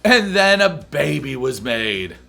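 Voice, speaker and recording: Sarcastic guy recapping reality tv, high bright voice, little music under it. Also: sing-song, slow pace, gravelly. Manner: sarcastic, loud outbursts and mocking voices. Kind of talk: comedic recap and review.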